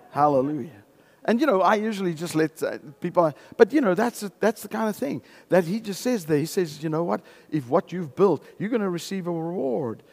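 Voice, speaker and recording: A man preaching a sermon in a slow, deliberate way, with a voice that sits a little high for a man. He is emphatic, swinging from loud exclamations down to low, intense passages and dropping in hallelujahs as he goes.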